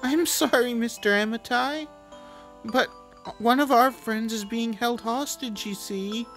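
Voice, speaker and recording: A gamer voicing a polite young hero in a higher voice, with game music behind. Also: unhurried, fairly bright tone. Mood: apologetic.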